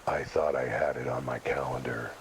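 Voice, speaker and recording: An actor playing a world-weary cat detective in a noir game, talking in a dry, sardonic deadpan. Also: male voice, very deep voice, normal speed, creaky, a little hiss or hum. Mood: wry. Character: world-weary cat detective, middle-aged male, wry. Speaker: game character.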